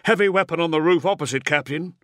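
A man voicing a dutiful male sergeant who reports in a crisp, formal manner. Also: on the high side, fast, a bit bright, no room sound, studio quality, pitched above the performer's own voice, natural voice. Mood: alert formal.

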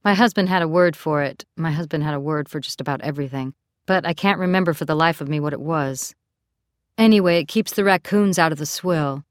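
In an audiobook, a woman gives voice to a tired, shaken woman who talks with weary, wry humor. The voice is low and the sound is close and dry. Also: fairly quick, no echo, close to an everyday voice. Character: tired, rattled woman living alone. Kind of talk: audiobook character reading.

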